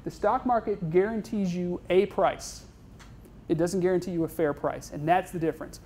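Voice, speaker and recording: A man's voice: sits high, fairly even intonation, normal speed, a little mellow, slight background noise. A man giving an informal university lecture on investing, chatty and self-deprecating, tagging his points with "right?" and "okay?". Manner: self-deprecating, joking asides. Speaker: guest speaker on investing.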